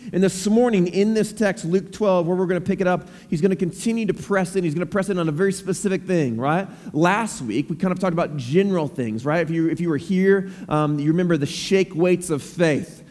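A pastor in his thirties preaching with a fairly high voice for a man, chatty and loose, restarting phrases and filling gaps with ums. His voice rings with the long reverb of a big church sanctuary. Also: a little fast, hardly any pauses, a little mellow. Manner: conversational, repeats words, many fillers. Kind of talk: sermon with scripture reading. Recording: long reverb of a large hall.

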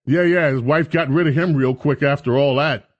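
A man's voice: on the high side, moderate pace, dull audio. A man hosting a talk radio show, rambling through a jokey, self-mocking monologue.

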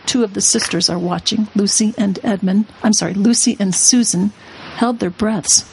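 A middle-aged woman reads a children's novel aloud on a radio talk show, with a gravelly edge to her voice at a mid pitch. She reads in an earnest, expressive way and pauses with small fillers. A faint hiss of background noise runs underneath. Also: low-quality recording. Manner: earnest, with hesitant fillers between phrases.

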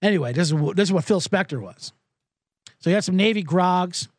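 Animated, high-voiced sarcastic male host. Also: brisk, no room sound, clean studio sound. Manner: profane, sarcastic, acts out quoted voices. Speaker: podcast host. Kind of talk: comedic storytelling rant.

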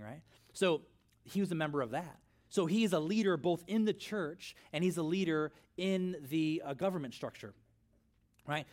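A middle-aged man preaching a sermon in a church, conversational and animated, with storytelling asides. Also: a little high. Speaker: pastor.

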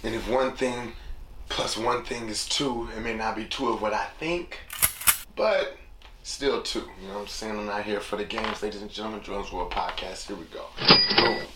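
A young man hosts his own podcast alone, drifting from thought to thought in a relaxed, reflective ramble and returning again and again to the same catchphrases. His voice sits low. The recording has an echoey room sound with steady noise behind him. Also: moderate pace. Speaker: podcast host. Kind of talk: casual solo podcast monologue.

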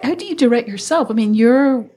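A woman hosting a podcast, asking questions in a lively way and laughing easily. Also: on the high side, a little fast. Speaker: podcast host and interviewer. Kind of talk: interview.

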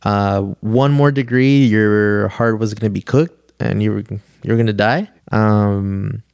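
A man's voice: lowish voice, a little slow, vocal fry, a little mellow, clear, resonant tone, no room sound, clean studio sound. A young man, a podcast guest telling a long story in a laid-back, slangy way, full of "like" and "dude". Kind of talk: casual storytelling chat.

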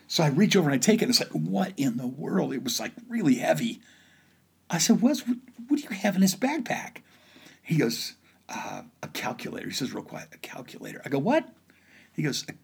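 Midwest guy in his middle years telling stories, raspy and a bit gravelly, does the voices of everyone in them. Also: medium pitch. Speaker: storyteller. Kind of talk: personal storytelling.

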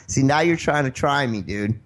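During a heated call-in radio argument, a male host fights with a caller, getting defensive, swearing, interrupting, and repeatedly demanding to finish his point. His voice is medium-pitched with a fairly bright tone.

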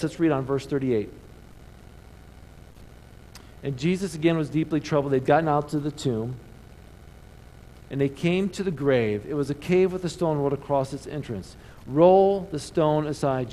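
Animated preaching man, slightly high voice. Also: a little hiss or hum, poor audio. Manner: animated preaching with call-and-response. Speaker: pastor. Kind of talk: sermon. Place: church sanctuary.

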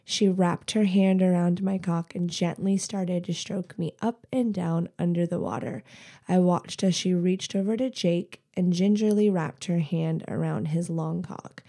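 A woman podcast host reads an erotic story aloud. Her storytelling is steady and intimate. Her voice is low-pitched for a woman, with a dark, mellow tone. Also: a little slow.

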